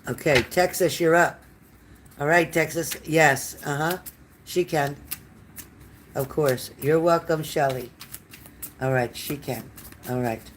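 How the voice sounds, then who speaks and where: Speaking slowly with long pauses, this live-stream psychic has a mid-range voice and a faint hiss or hum in the audio. She chats warmly with viewers by name, calls them honey, and answers their comments during a casual card reading, full of fillers and restarts.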